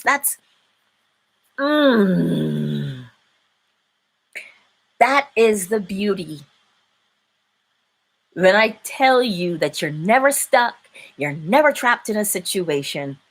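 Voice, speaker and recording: A woman hosting a live-stream inspirational talk, preaching in an animated way and laughing often. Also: medium pitch. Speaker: inspirational speaker and host.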